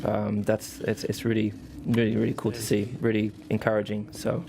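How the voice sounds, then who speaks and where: A racing driver answering press questions earnestly, repeating words for emphasis. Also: male voice, fairly low pitch, completely flat delivery, normal speed, gravelly, background noise.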